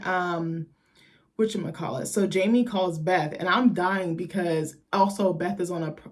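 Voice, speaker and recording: A young woman casually recapping a TV episode late at night, tired but chatty and profane, acting out the characters' lines as she retells scenes. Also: on the low side. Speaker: TV recap host.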